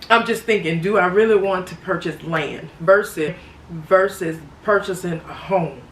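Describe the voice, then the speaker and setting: A woman's voice: lowish voice, a little slow, fairly bright tone. A woman talking casually to her viewers in a vlog, chatty and laughing often, calling them honey and sweetie. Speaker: vlogger. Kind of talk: casual reflective vlog talk. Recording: roomy echo, distant from mic, faint background noise.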